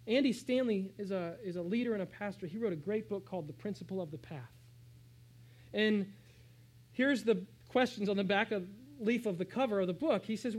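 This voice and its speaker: A man preaching a sermon, shifting between hushed, slow phrases and raised, emphatic calls. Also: high voice, low-quality recording. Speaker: pastor.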